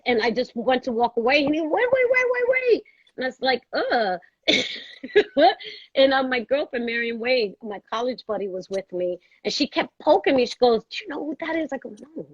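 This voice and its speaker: A woman's voice: a little high, dry recording. A woman from Brooklyn, telling a story as a guest and acting out the voices she quotes. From Brooklyn, New York. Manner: lively storyteller who acts out quoted voices. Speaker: guest, actress. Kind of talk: storytelling conversation. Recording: dull, dry sound.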